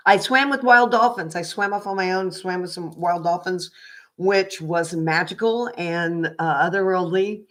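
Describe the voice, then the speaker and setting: A woman's voice: lowish voice, a little slow, a bit bright. An older woman from Oklahoma, a psychic reader chatting casually on a livestream, rambling with fillers and restarts.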